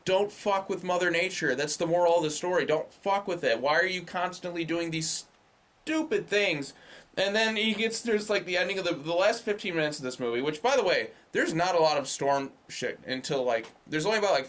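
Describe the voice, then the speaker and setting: A man's voice: on the high side, animated, a little fast, a bit bright. A young man giving a casual movie review, loose and profane, with sarcastic rants. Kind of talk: casual spoken film review.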